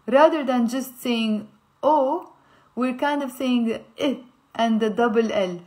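A woman's voice: sits high, unhurried, a little mellow. A woman teaching a language lesson, patiently spelling out sounds and checking in with "okay?". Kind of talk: language lesson explaining pronunciation.

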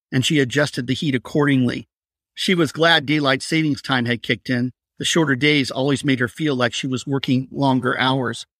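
A man reading aloud from his crime thriller in a steady, measured narration. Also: medium pitch, no room sound, clean studio sound. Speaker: author reading his novel.

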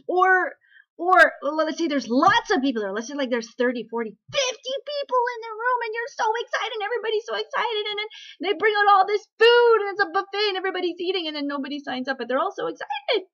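A woman talking casually to camera in an animated rant, asking rhetorical questions and restarting her sentences. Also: very high-pitched, fast, dull audio. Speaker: network marketing vlogger.

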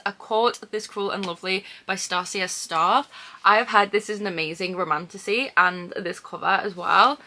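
A young woman vlogging casually about books, gushing and excitable, with lots of "like" and "oh my god". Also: mid-range voice. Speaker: book vlogger. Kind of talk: casual vlog chat.

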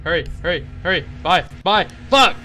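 A man's voice: sits high, expressive, moderate pace, sharp tone, soft background music. A man in casual gaming voice chat who swears a lot and breaks into frantic outbursts. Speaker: gamer playing with friends. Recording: noisy game audio mixed in.

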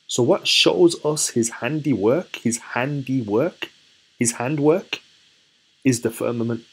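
A man leading a casual Bible study, chatty and relaxed, who asks his listeners questions and then answers them himself. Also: mid-range voice, slow pace, breathy edge. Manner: relaxed, chatty and self-correcting. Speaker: scripture teacher.

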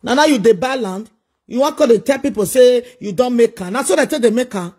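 A man's voice: extremely high pitch, animated, brisk, a little mellow. A man with a Nigerian accent delivering a preachy, scolding monologue full of repeated rhetorical questions. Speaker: social media commentator.

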